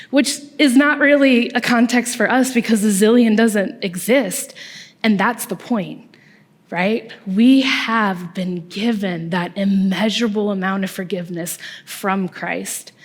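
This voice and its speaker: A woman's voice: mid-range voice, measured pace. A young woman, a small group leader, giving a conversational youth-ministry sermon with asides and tag questions in a church hall. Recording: long reverb from a large hall.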